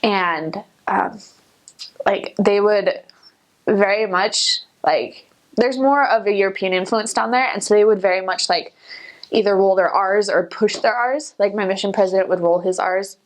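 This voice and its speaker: A young woman talking casually to camera about her missionary years. She tells her stories in a chatty way, full of filler words, and jumps up in pitch whenever she quotes someone. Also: moderate pace. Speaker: returned missionary vlogger.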